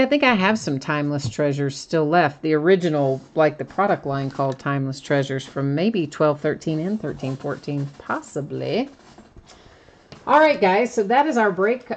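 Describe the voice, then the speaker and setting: A woman hosting a live sports card break stream, talking through cards and the upcoming schedule in a chatty, steady way. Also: deep voice. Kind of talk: live stream product recap.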